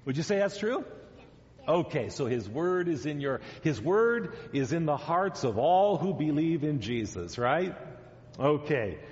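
Slow-speaking pastor coaxing children. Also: male voice, fairly high pitch, very animated. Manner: gentle, questioning, coaxing children to answer. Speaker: pastor giving a children's message. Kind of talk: children's sermon. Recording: dull sound in a long-echo church hall.

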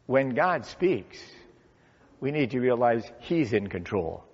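A man preaching a sermon as pastor, with slow, dramatic pauses and swelling emphasis. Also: medium pitch, very animated, a little hiss or hum. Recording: dull sound with long church reverb.

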